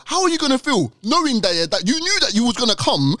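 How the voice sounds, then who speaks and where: Fast, lively man making his case. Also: high-pitched, dry recording, clean studio sound. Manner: quick, insistent, acts out quoted speakers. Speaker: podcast co-host. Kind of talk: casual podcast debate.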